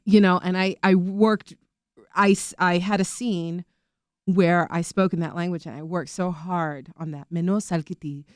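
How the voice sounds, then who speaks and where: A middle-aged woman, an actress, talking casually in an interview, animated and rambling, often laughing. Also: on the low side, measured pace, clear, resonant tone, no room sound, clean studio sound.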